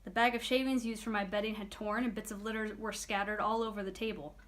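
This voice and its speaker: A woman reading a children's book aloud in a clear, expressive storytelling manner. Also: mid-range voice, quick pace. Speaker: reader.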